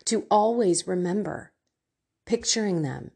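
Woman, Christian faith coach, earnest direct-address prayer talk, deliberate pace, husky tone. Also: mid-range voice, expressive, darkish tone. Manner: fervent, earnest, speaks straight to the viewer.

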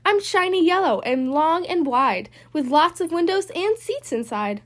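Woman doing a kindly, slow-talking school bus. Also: very high-pitched, animated. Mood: gentle. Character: big kindly female school bus, motherly.

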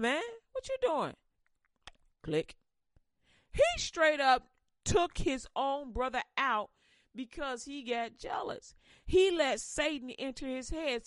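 A woman preaching a casual sermon in slang, animated and quick to laugh. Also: sits high, no echo.

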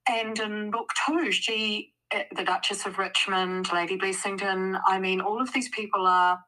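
A bright, clear-toned woman speaks as a guest author in a relaxed interview. She thinks aloud, pausing on fillers and restarting her sentences as she goes. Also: medium pitch, poor audio. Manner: thoughtful, with frequent fillers and restarts. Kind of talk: casual interview conversation.

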